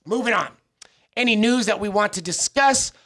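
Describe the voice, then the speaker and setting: A man's voice: sits high, normal speed, sharp tone. A man co-hosting a martial arts podcast, chatting casually and riffing with jokes and teasing. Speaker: podcast co-host. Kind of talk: casual chat.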